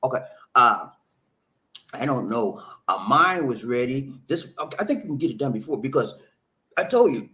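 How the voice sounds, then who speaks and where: A man hosts a live stream and tells his viewers a story in a relaxed, chatty way. His pitch swings widely as he gets into it. He stumbles over and repeats words, then acts out what each person said. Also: moderate pace. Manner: animated, repeats words, acts out quoted dialogue. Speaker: live-stream host reading viewer comments.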